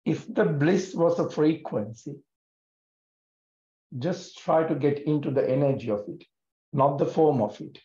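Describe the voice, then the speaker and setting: A man guiding a yoga breathing practice in a gentle, calm and soothing way, with many pauses. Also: on the high side. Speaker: yoga teacher. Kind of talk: guided yoga breathing instruction. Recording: echoey room, dull lo-fi sound.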